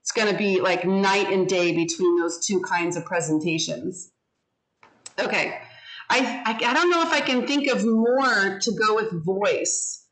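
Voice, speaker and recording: Slow-paced woman teaching a class. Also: mid-range voice, a bit bright, rough recording. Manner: slow, deliberate, models pronunciation. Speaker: English teacher. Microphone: video call.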